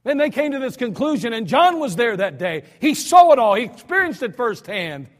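An American male pastor preaching a storytelling sermon, swinging between soft asides and loud cries. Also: extremely high pitch, big pitch swings, moderate pace. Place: church sanctuary. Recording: church hall reverb.

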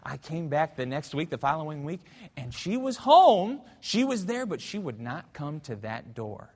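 A man preaching a sermon as pastor in a church, telling a story fervently, swinging between loud and hushed. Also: fairly high pitch, big pitch swings, normal speed, husky, in a large hall. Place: church sanctuary.

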